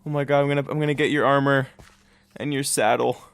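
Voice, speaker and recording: A man's voice: mid-range voice, little pitch movement, fast talker, vocal fry, fairly bright tone, clear, resonant tone, no room sound. A young man giving casual, upbeat let's-play commentary on his game, with dramatic reactions. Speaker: gaming YouTuber.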